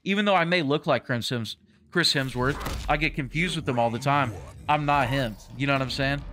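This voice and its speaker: A man's voice: mid-range voice, brisk, bright, forceful tone, a little hiss or hum. A young man streaming a fighting game, chatting casually in a loose, slangy way full of fillers, with game music behind him. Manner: slangy and loose, heavy on "like" and "bro". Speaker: gaming streamer. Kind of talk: casual live stream chat while playing.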